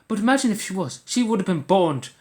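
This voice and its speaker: A man's voice: high-pitched, sing-song, fast, a little mellow. A man, ranting angrily in a monologue, swearing often and stumbling over restarts. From Ireland. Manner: angry, swearing, stammering restarts. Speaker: commentator.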